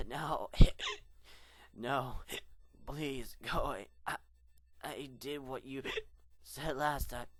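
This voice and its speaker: A man's voice: mid-range voice, extremely slow, pauses often, a bit bright, dry recording, pitched above the performer's own voice. A man voicing a terrified, guilt-ridden young female pegasus in a tearful, pleading way.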